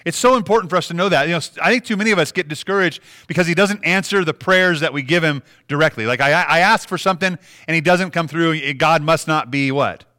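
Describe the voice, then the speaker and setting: Bright-voiced male preacher. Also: fairly high pitch, quick pace, few pauses. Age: adult with young children. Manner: earnest, conversational preaching. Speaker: pastor. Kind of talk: sermon with scripture reading.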